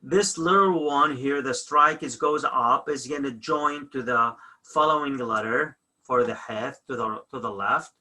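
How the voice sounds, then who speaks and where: A man's voice: mid-range voice, measured pace, hardly any pauses, bright, forceful tone. A man teaching a language lesson, repeating each example word and often correcting himself.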